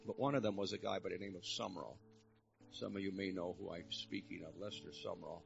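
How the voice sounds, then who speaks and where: A man's voice: sits low, steady tone, a little fast, gravelly, muffled recording, over music. An older man preaching a storytelling sermon in a church service, earnest and building to fervent exhortation.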